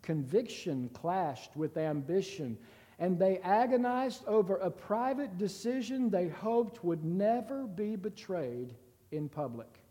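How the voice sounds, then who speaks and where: Man reading a story out slow and somber, mellow high voice, big echo behind it. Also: animated. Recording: long reverb.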